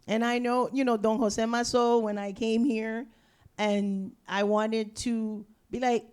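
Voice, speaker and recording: A woman from Panama speaking on a discussion panel. Her voice is fairly high and her delivery slow, with emphatic repeated phrases and frequent restarts. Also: little pitch movement, darkish tone, clean tone.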